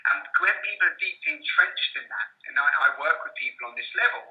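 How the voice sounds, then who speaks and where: A man's voice: on the high side, animated, quick pace, dull audio. A man in his thirties, a guest coach in an interview, talking in a rambling way with many restarts. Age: 30s. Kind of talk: interview conversation.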